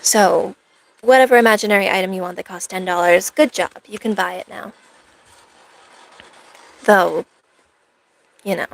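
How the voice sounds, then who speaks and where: Brief: woman streamer, in-character cosplay chat, sarcastic rambling banter, vocal fry. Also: mid-range voice, moderate pace, pauses often.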